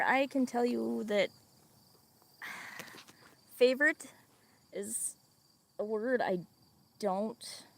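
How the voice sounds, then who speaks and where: A chatty woman with a Midwestern accent hosts a casual livestream while walking her farm, laughing easily and talking to her animals. Her voice has a gravelly, fry-laced edge. Insects and crickets chirp outside around her. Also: medium pitch, darkish tone. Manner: chatty, laughs often, talks to chat and animals. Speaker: livestream host. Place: outdoors on a farm.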